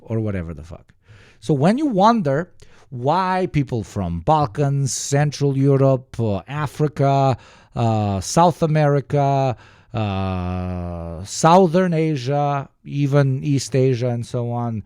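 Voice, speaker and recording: Man, Turkish accent, livestream rant, profane, lively pitch, dry close sound. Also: measured pace, no echo. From Turkey. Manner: profane, emphatic, many fillers and restarts. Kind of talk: casual ranting commentary.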